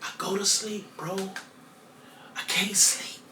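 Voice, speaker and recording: A man on a podcast telling a personal story in a casual, profane way, going from loud to hushed. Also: high-pitched, fairly even intonation, slow. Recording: echoey room, mic far off, faint noise.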